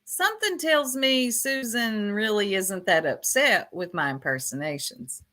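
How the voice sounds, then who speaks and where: A woman's voice: mid-range voice, lively intonation, unhurried, a bit bright. A woman from Tennessee with a Southern accent, gossiping bluntly on a casual livestream and laughing often. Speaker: streamer.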